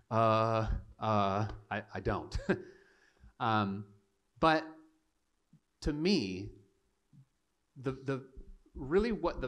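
A young male pastor tells a comic story from the pulpit, mugging through the voices of his characters. His pitch jumps high and shouts on the big moments, then drops back to a relaxed conversational tone. He talks into a stage mic in a church sanctuary. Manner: animated and self-mocking, acting out voices for laughs. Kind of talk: storytelling sermon.

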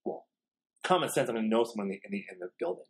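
Fast-talking man telling a story casually. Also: mid-range voice, gravelly. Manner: rapid, animated storytelling with frequent swearing. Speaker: podcast host.

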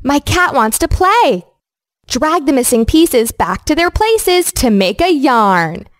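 A young woman giving slow, scripted, encouraging narration to young children in a game, like a preschool teacher, recorded close to the mic. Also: high-pitched, sing-song, no echo.

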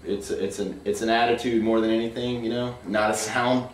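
A man's voice: fairly low pitch, flat delivery, moderate pace. A man who plays guitar and sings, talking casually in a band interview and filling his answers with "you know". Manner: laid-back, lots of "you know". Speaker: guitarist and vocalist. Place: music venue. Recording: echoey room from far off, with ambient noise.

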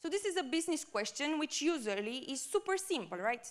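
A woman's voice: high-pitched, big pitch swings, fairly quick. A woman giving a conference talk. She speaks with enthusiasm, often checks in with "right?", and her microphone cuts out at times. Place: conference stage.

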